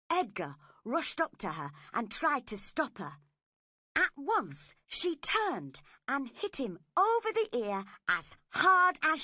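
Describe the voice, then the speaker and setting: Bright, slow woman storyteller. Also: mid-range voice, dry recording, clean studio sound. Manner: clear, measured storytelling. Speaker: narrator. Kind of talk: audiobook narration for English learners.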